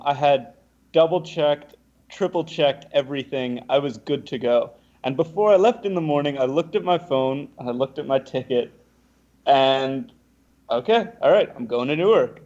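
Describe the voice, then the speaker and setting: A young man, a podcast guest, telling a lively anecdote and acting out what the other people said. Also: mid-range voice, measured pace, lo-fi sound. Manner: animated, acts out the other people's lines. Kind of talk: casual storytelling.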